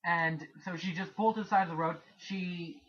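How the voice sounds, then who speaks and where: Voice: mid-range voice, fairly even intonation, normal speed, crowd noise. A podcast panelist telling a story in a blunt, joking way during a casual chat, on a dull lo-fi recording.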